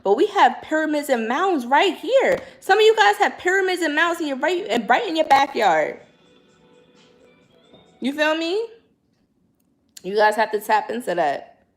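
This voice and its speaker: A young woman, hosting a casual livestream and chatting in slangy, animated talk straight to her viewers. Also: high voice, a little slow, pauses often, soft background music. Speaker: spiritual livestream host.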